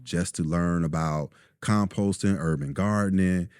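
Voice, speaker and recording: A man's voice: low voice, unhurried, smooth, dry recording, clean studio sound. A man, guest on an interview show, talking casually with many ums and acting out quoted lines. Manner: relaxed storyteller, many ums, acts out quotes. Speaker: store owner, guest.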